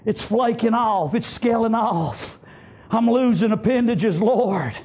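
A man's voice: sits high, takes it slowly, darkish tone, husky, pitched above the performer's own voice, exaggerated voice. A man voicing a desperate old male leper inside his sermon, begging and crying out "Lord" again and again. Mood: pleading. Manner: begging, repeating "Lord" and "I'm unclean".

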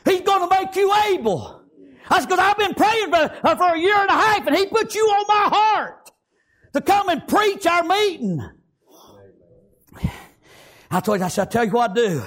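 A man's voice: very high voice, big pitch swings, fairly quick, fairly bright tone. An older male pastor preaching a fiery sermon in a folksy country dialect, breaking in with praise and amens.

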